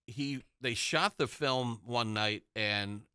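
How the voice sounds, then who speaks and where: A man's voice: medium pitch, slow, pushed and bright, smooth, dry recording, clean studio sound. A man on a casual movie podcast, telling film trivia anecdotes with enthusiasm. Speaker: podcast co-host.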